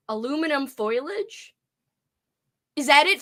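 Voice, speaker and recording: A woman's voice: very high-pitched, sing-song, a little slow, a bit bright. A woman with a New Orleans accent hosting a casual livestream chat, giggly and playful, teasing herself. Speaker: livestream host.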